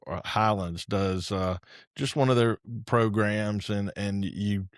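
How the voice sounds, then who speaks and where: A male podcast host speaks in a fairly low voice during a casual interview. His delivery is halting, full of pauses and fillers. The sound is dry and close. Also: steady tone, no room sound. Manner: hesitant, many fillers and restarts.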